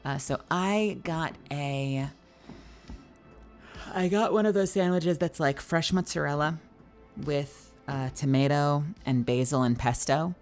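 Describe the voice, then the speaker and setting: In a slow, low-pitched voice, a tired young woman yawns her way through a casual livestream chat, reading viewers' messages aloud and sometimes swearing. There's faint music in the background.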